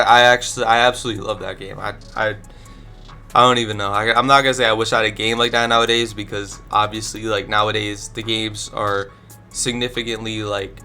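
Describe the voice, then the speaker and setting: A man's voice: fairly low pitch, pushed and bright. A young man with a stuffy nose from allergies, casually rambling his blunt opinions as a gaming YouTuber into a desk microphone. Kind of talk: casual commentary ranking video games.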